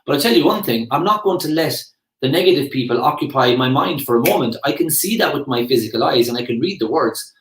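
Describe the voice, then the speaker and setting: A man's voice: mid-range voice, expressive, fast talker, a bit bright, slight background noise. Chatty Irish man in his forties, echoey room. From Ireland. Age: 40s. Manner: rambling and chatty, with self-aware asides. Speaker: motivational speaker. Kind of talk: casual reflective monologue.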